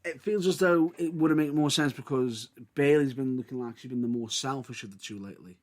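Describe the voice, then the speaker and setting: A man co-hosting a casual podcast chat, retelling events in an excitable, animated way. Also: medium pitch, fairly quick. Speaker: podcast co-host.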